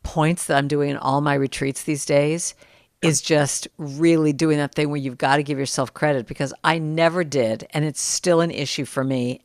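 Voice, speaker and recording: A middle-aged woman telling stories as a guest in a casual podcast conversation, lively when she quotes others. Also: low voice, no room sound, studio quality. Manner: storytelling, animated when quoting others.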